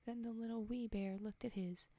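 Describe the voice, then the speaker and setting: Soft-whispering woman storyteller. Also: fairly high pitch, steady tone. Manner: soft, slow, whispered reading. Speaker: storyteller and streamer. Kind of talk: whispered role-play.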